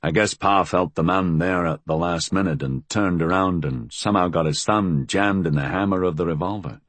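A man's voice: normal speed, fairly bright tone, no room sound. A man doing a terse, brooding husband. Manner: terse, low-key. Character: brooding man, heir of a detective family. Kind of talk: audiobook character voice.

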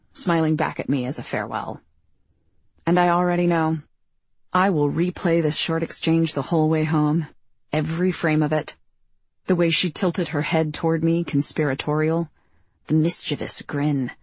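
Low husky woman reading an audiobook, wry and self-deprecating, dry dull recording. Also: darkish tone, no echo. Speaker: audiobook narrator. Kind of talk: first-person audiobook narration.

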